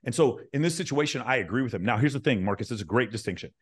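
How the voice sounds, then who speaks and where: A male dating coach on a panel, arguing in a blunt, profane and animated way. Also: medium pitch, rapid-fire, breathy edge. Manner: blunt, profane, animated when making a point. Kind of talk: heated panel discussion.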